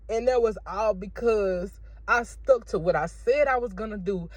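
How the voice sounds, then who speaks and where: A woman's voice: fairly high pitch, lively intonation, normal speed, hardly any pauses, no room sound. A woman, talking through a casual faith testimony vlog in an emotional, repetitive, preachy way, recorded in her car. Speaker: vlogger sharing a faith testimony.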